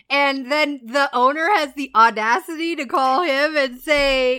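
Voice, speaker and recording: A woman co-hosting a casual chat show, giggling and reacting with quick jokes. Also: high voice, bright, forceful tone. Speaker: podcast co-host.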